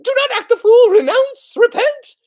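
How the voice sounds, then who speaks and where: A man voicing an excitable mother mouse who shrieks her lines in a shrill voice. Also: normal speed. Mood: frantic.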